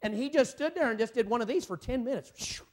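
A man preaching a revival sermon as an evangelist. He swings from loud shouting to hushed, emotional storytelling. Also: very high voice, lively intonation, brisk. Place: church sanctuary.

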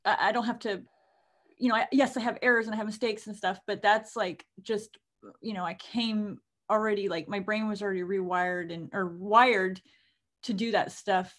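A woman's voice: mid-range voice, fairly even intonation, moderate pace, a bit bright. A woman author co-hosting a casual podcast, talking in a chatty, rambling way full of fillers. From United States. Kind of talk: casual chat.

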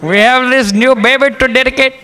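A man doing an eager, high-pitched pastor. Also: fairly even intonation, brisk, bright, forceful tone, in a large hall. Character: excited male pastor calling the congregation back.

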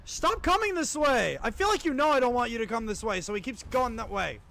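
A man with a very high, bright voice and a gravelly edge commentates a horror game live. He is excitable and stressed, swinging his lively pitch as he yells and swears at the screen. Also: fast. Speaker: streamer.

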